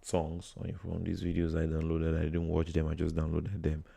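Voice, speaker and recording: A man's voice: very deep voice, monotone, normal speed, vocal fry, mellow, a little hiss or hum. A man from Nigeria with a Nigerian accent, chatting casually and rambling as he reacts to videos on a livestream from his phone. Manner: rambling, chatty, many fillers and chuckles.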